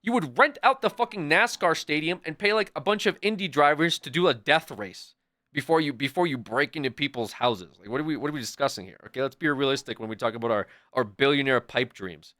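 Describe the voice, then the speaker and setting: A young man streaming, chatting casually in a rambling, excitable and profane way. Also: on the high side, brisk, no room sound. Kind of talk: casual chat.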